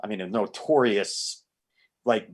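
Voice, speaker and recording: A man's voice: lowish voice, unhurried. A man guesting on a casual comedy podcast, telling rambling stories with free swearing. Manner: animated, rambling storyteller, swears freely.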